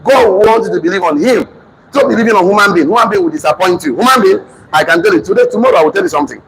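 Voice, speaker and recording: Loud, fast Nigerian motivational speaker man. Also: sits high, animated, a crowd in the background. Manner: emphatic, often shouting, repeats lines for the audience. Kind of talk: loud motivational seminar talk. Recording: noisy room recording.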